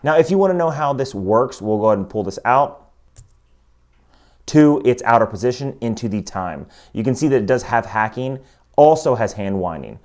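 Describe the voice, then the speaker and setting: A man talking casually through a watch review, explaining each step and getting more excited as he goes. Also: mid-range voice, normal speed. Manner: chatty, enthusiastic, explains step by step.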